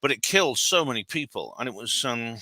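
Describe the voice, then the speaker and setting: Bright, crisp man chatting. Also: mid-range voice, lively intonation, brisk, no echo. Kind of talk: casual podcast chat.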